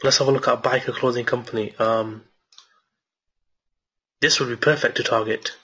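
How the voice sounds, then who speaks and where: An excited man talking viewers through a marketing tutorial late at night, repeating words and restarting sentences as he goes. His voice is bright and a little husky. The recording sounds dull and lo-fi. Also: mid-range voice, normal speed. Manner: enthusiastic, repeats himself, many restarts. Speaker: online marketing teacher. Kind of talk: screen-share tutorial with viewer Q&A.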